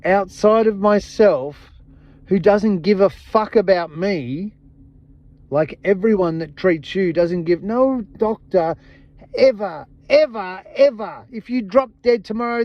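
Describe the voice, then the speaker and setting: On his podcast, a man delivers an impassioned, blunt monologue packed with swearing and emphatic phrases he keeps repeating. His voice is high-pitched and slow, with no echo, though the recording sounds dull and lo-fi.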